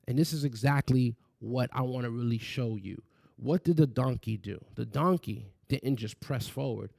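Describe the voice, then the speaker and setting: A man's voice: mid-range voice, gravelly, darkish tone, no room sound, studio quality. A man preaching a sermon, reading scripture and asking the listeners rhetorical questions. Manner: asks rapid rhetorical questions.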